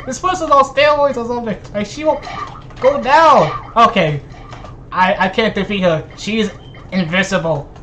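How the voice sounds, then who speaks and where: A man hosting his gaming channel, giving excited gameplay commentary full of laughter and teasing trash talk. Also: high-pitched, slight background noise.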